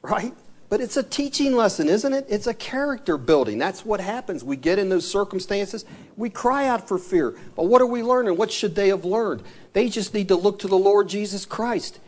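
A man with a fairly high voice delivers an evening church sermon. He is earnest and keeps asking his listeners rhetorical questions, tagging lines with "isn't it?" and "right?". He reads scripture aloud in old King James wording. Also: a little mellow. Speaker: preacher.

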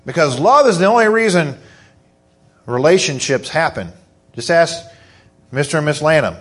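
A middle-aged man preaching a sermon in church, fervent and hoarse, swinging from soft, slow stresses to quick, excited bursts. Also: fairly high pitch, faint music behind. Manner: fervent, rising to excited emphasis.

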